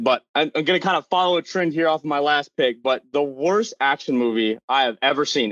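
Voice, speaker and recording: A man's voice: a little high, a bit bright, no echo. Young man telling a rambling, amused story. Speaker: podcast panelist. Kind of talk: casual chat. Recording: dull lo-fi recording.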